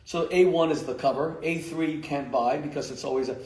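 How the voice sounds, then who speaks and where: A man's voice: on the high side, fairly quick, darkish tone. A man, a rabbi, giving an emphatic, joking lecture to a community audience and laughing at his own jokes. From United States. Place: lecture hall. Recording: echoey lecture hall.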